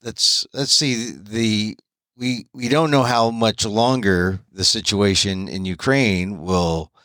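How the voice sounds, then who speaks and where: An American man with a low voice, hosting and interviewing in a gentle, reassuring tone. He restarts his sentences often as he thinks aloud. The sound is dry and close, with little room around it. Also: slow, no echo. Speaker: podcast host, interviewer. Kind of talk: casual interview.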